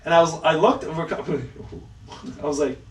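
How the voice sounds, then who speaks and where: Speaking slowly in a fairly high voice, a man co-hosts a casual podcast, animatedly recounting stories, performing quotes, and cursing without restraint. The recording has an echoey room, a distant mic, and faint hiss.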